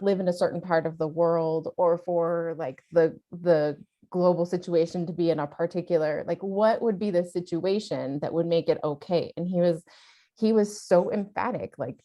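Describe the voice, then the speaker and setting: A middle-aged woman co-hosting a podcast, telling a family story in casual chat, animated and laughing, acting out quoted voices. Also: lowish voice, unhurried. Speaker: podcast co-host, mother.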